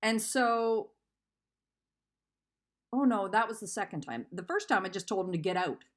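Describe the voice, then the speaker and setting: A woman's voice: mid-range voice, lively intonation, normal speed. A woman in her fifties venting in a vlog, upset and telling a rambling, profane story. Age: 50s. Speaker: vlogger. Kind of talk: emotional personal venting.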